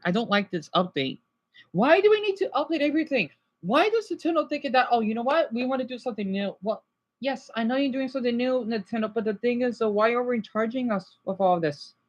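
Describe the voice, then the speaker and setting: A man's voice: sits high, a bit bright. A young man vlogging casually, rambling and interrupting himself while drawing a chart and airing complaints. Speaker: gaming vlogger.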